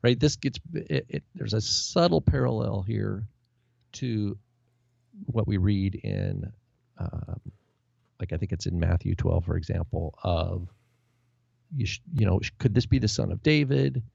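Low gravelly guy, dark mellow tone, muffled lo-fi audio, restarts a lot while musing on scripture. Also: lively intonation, measured pace, dry recording. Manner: loose and searching, with restarts and trailing phrases. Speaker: co-host of a Bible discussion. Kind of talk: casual scripture discussion.

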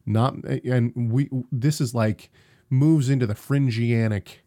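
A man's voice: medium pitch, slow pace, mellow. A young man co-hosting a casual live-streamed podcast, talking in emphatic, rambling runs with frequent restarts. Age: young adult. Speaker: podcast co-host.

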